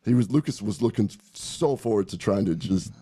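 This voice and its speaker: A man co-hosting a health podcast, chatting casually and telling animated stories with frequent laughter. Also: on the low side, fairly quick, husky. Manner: animated storyteller, laughs often and mimics people. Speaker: podcast co-host. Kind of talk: casual chat.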